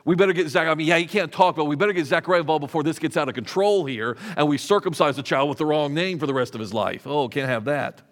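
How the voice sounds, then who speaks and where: A man's voice: on the high side, fast, hardly any pauses, lightly acted. A fussy, disbelieving relative , put on by a man, fires off exasperated questions in a raised voice. The voice rings with a long reverb, as in a large hall. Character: fussy, incredulous adult relative at a naming.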